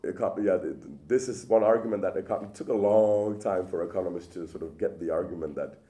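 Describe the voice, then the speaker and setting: Low-voiced man giving a lively lecture. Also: fast. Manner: lively, rhetorical questions, frequent restarts. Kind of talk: public lecture. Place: lecture hall.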